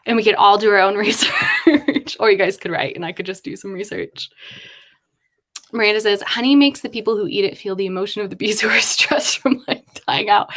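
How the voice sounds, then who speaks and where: A woman chats on a live stream while she writes. She talks through her ideas aloud in a loose, rambling way and tosses in quick asides. Her pitch sits in the middle. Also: fairly bright tone. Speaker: writer livestreaming with chat. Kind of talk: casual live-stream chat.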